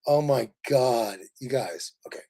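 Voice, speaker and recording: A man from Kansas City, Missouri, hosting a casual livestream, animated and laughing as he rambles through stories. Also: medium pitch, measured pace, vocal fry. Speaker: livestream host.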